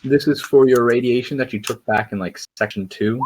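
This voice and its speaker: A young man running a tabletop game as game master, giving relaxed, matter-of-fact rulings. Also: mid-range voice, brisk, background noise.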